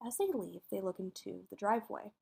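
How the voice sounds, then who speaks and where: A woman's voice: medium pitch, fairly quick, creaky, darkish tone, slightly rough. A woman co-hosting a podcast, telling a true crime story in a casual way and acting out what people said. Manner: acts out quotes, sometimes drops to a whisper.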